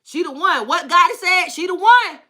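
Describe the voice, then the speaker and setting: A woman's voice: very high-pitched, lively intonation, moderate pace, sharp tone, full character voice. A woman voicing a smitten young man who brags to his friend on the phone in heavy slang. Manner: boastful, slangy, drawling.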